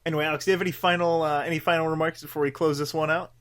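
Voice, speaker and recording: A man's voice: a little high, level tone, racing, fairly bright tone. A young man co-hosting a podcast, rambling in casual chat with lots of fillers and swearing. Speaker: podcast co-host.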